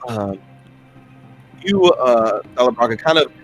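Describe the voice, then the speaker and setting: A man's voice: medium pitch, expressive, unhurried, soft background music. A man narrating a tabletop game as dungeon master, rambling and hesitant with lots of fillers.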